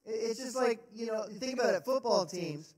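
A man's voice: extremely high pitch, expressive, normal speed, a little mellow. A man preaching a sermon as pastor, earnest and emphatic, posing rhetorical questions in a church sanctuary. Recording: roomy sound from a distant mic.

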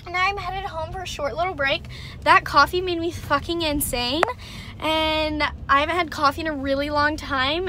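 A teenage girl vlogs from her car on a phone camera, chatting casually and swearing a lot. Her voice is high-pitched and sharp, with a little hiss or hum in the audio.

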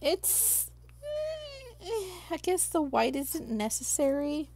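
Woman crafting streamer, slow and chatty, raised pitch with gravel in it. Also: lively intonation, slight background noise. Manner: chatty, talks to herself while working, reads chat aloud. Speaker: crafting livestream host. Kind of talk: casual livestream crafting chat.

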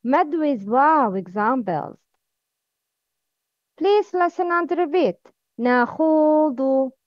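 High-voiced woman teaching slowly. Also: sing-song, dry recording. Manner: slow, careful drilling with repeat-after-me prompts. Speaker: Arabic reading teacher. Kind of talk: slow recorded lesson. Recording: dull, lo-fi sound.

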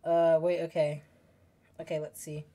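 A young woman streaming a game, chatting casually with her viewers, excitable, giggly and quick to swear. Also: low-pitched, background noise. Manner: excitable, giggly, swears freely, talks to chat. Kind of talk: casual let's-play commentary.

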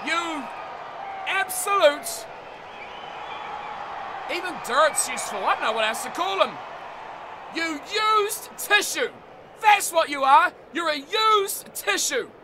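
A man with a New Zealand accent commentating his own rugby video game, yelling mock insults at the players and then muttering to himself. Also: very high-pitched, lively intonation, slow, long pauses, a loud crowd, heavy background noise. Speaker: gaming YouTuber.

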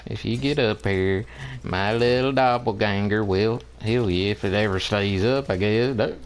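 A man's voice: fairly low pitch, normal speed, smooth. A man giving drawling, exasperated commentary over a team shooter game, pleading with his teammates. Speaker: gamer. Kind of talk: gameplay commentary.

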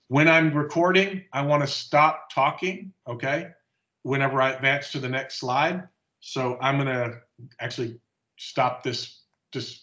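Man demoing software, slightly muffled. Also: medium pitch. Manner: explanatory, step-by-step, casual. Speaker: conference presenter. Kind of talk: live software demonstration. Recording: slightly dull lo-fi audio.

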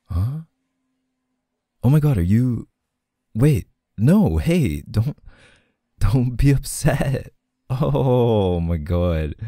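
A young man playing a teasing, apologetic boyfriend in a soft-spoken role-play, laughing often. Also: deep voice, dry recording, clean studio sound.

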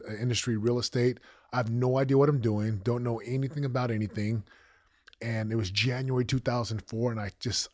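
A man in his forties tells his life story in an emotional, animated way, acting out what people said. His voice is husky and a little breathy. The sound is dry and close to the mic, with no room echo. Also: medium pitch. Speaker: guest, former football champion and coach. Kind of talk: candid storytelling interview.

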